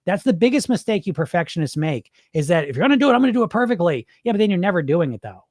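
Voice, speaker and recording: A middle-aged man hosting a casual podcast, reading listener comments and answering them in a blunt, animated way, now and then swearing and acting out the voices in people's heads. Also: high voice, very fast, no room sound, clean studio sound. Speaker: podcast host and weight-loss coach.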